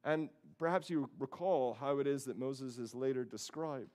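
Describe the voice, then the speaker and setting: A man pastor delivers a Sunday sermon in a church sanctuary. He tells the story with a storyteller's energy and lively, acted-out voices, at a medium pitch. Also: normal speed, hardly any pauses.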